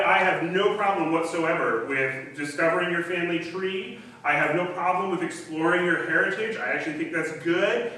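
A man's voice: sits high, bright, forceful tone. A man preaching a sermon as pastor, in a casual, chatty way with frequent ums and restarts. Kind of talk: conversational sermon. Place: church sanctuary. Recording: very echoey hall, distant mic, faint hiss.

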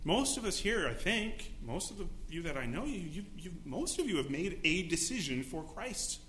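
Pastor guy preaching, bright voice, acts out quotes, echoey church with faint hum. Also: high voice, sing-song, normal speed. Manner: preaching with dramatic acted-out quotes. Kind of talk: sermon. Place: church sanctuary.

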